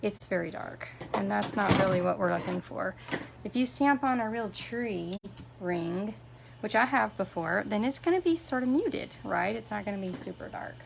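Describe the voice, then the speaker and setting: A woman's voice: medium pitch, expressive, moderate pace, vocal fry, background noise. A woman demonstrating a craft project on a live stream, chatting casually and answering viewers' comments by name. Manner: self-deprecating, playful asides.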